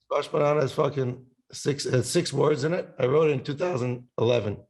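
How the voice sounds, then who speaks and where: Rambling, cursing male musician with gravelly voice. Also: medium pitch, fairly even intonation, fairly quick, darkish tone. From Italian family background. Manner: rambling, swears a lot, sings snippets. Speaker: podcast guest musician. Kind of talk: casual chat.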